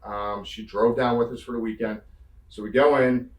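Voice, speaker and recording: A Northeastern American man, guesting on an interview, tells road stories at a moderate pace in a mid-range voice. Animated and casual, he voices the quotes himself and swears freely. The off-mic recording sounds roomy and distant.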